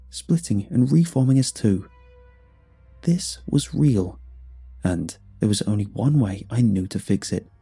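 A man giving tense, scripted first-person horror narration with hushed drops in his voice. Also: on the low side, slightly rough.

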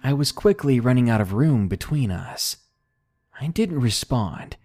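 A man narrating a scary story in slow, expressive storytelling. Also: medium pitch. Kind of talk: scripted horror story narration.

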